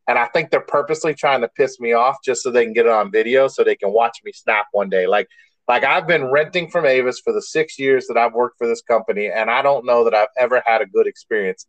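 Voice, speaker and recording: A man's voice: medium pitch, a bit bright, no echo, low-quality recording. A man co-hosting a podcast in casual chat, a rambling storyteller who restarts often and swears mildly. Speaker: podcast co-host.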